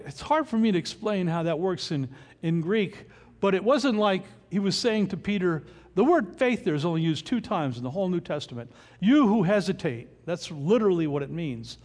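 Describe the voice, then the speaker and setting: Male pastor with an expressive, rhetorical delivery, heard in a hall with long reverb. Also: high voice. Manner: expressive, rhetorical questions, reads scripture aloud. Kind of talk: sermon.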